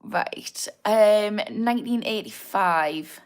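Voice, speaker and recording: A woman's voice: medium pitch, slow pace, clean tone. Chatty Geordie woman hosting a livestream. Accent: Newcastle (Geordie). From north of England. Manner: chatty and encouraging, laughs often, swears casually. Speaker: addiction therapist hosting a livestream. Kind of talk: casual livestream chat, reading out viewer comments.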